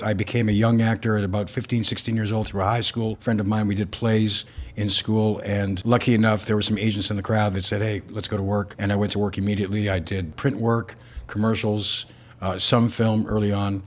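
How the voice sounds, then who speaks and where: A man's voice: on the low side, brisk. An older man, an actor being interviewed, telling stories about his life and acting out the dialogue in them. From snowy northern region of the country. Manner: animated storyteller, acts out quoted dialogue. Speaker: guest, actor. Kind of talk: interview storytelling.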